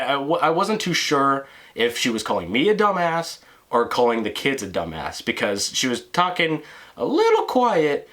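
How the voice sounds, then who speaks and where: A man's voice: mid-range voice, fairly bright tone. A man with a mid-range voice tells a story straight to the camera. He swears often and stammers through restarts as he rambles on. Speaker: vlogger. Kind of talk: storytime monologue.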